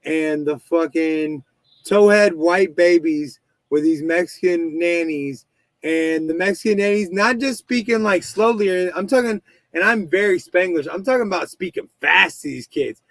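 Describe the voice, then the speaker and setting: A man's voice: high-pitched, a little slow, dry recording, low-quality recording. A man in his thirties hosting a casual podcast, telling stories in a rambling way with lots of swearing and restarts. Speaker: podcast host. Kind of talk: casual chat.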